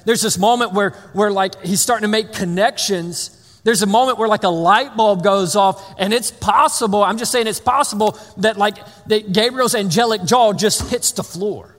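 High-voiced man preaching in a reverberant hall. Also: moderate pace. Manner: conversational, animated, with many restarts and playful asides. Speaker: pastor. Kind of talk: sermon. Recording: long reverb of a large hall.

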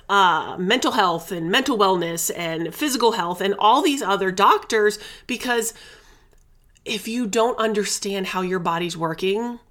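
Woman, middle-aged, podcast host, casual monologue, candid, chatty, mid pitch. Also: a bit bright. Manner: candid and chatty, uses endearments and swears.

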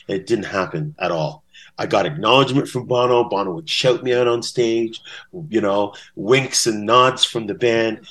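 A man's voice: lowish voice, normal speed, fairly bright tone. A man telling stories as a podcast guest in a casual interview. He acts out quotes in different voices. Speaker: podcast guest, bass-playing fan.

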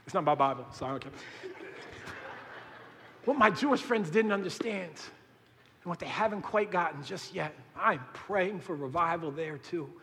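A man preaching a sermon as a pastor, animated and jokey, then dropping to hushed intensity. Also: on the high side, moderate pace, long pauses, in a large hall, slight background noise. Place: church.

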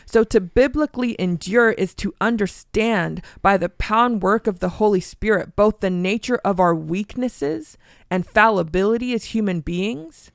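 A woman co-hosting a Bible teaching podcast, reading scripture slowly and deliberately. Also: medium pitch, gravelly, no echo, studio quality.

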